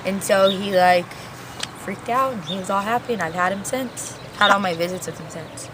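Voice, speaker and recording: An eighteen-year-old woman telling her story in a casual, animated interview. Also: medium pitch, normal speed, background noise. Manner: animated retelling with acted quotes, casual.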